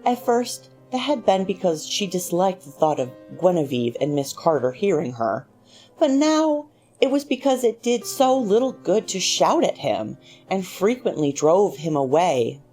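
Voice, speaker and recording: A woman narrating a short story in a measured, expressive reading voice. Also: fairly low pitch. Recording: faint music underneath.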